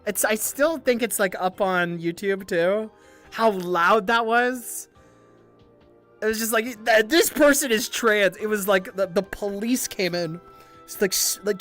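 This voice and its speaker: A young woman streamer chatting casually with viewers, animated and giggly, swearing often and stumbling over restarts. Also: mid-range voice. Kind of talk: casual livestream chat.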